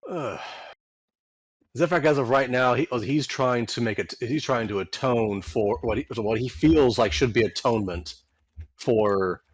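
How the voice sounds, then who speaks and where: A man playing in a tabletop game, telling stories in an animated way and swearing freely while chatting with friends. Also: mid-range voice, a little slow. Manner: profane, animated storyteller. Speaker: player. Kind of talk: casual chat at a tabletop game.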